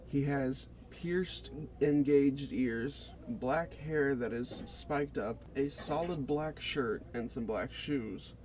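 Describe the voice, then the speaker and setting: A man reading out a scripted, deliberate presentation of a character concept for a game. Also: medium pitch, darkish tone, slight background noise. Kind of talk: read-aloud character pitch.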